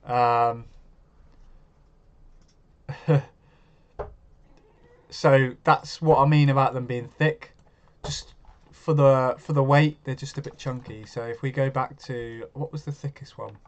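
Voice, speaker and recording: A chatty man hosts a live stream, talking casually and answering his viewers' comments as he goes. His voice sits at an ordinary middle pitch. The stream audio is a little dull and lo-fi. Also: fairly even intonation, takes it slowly, long pauses.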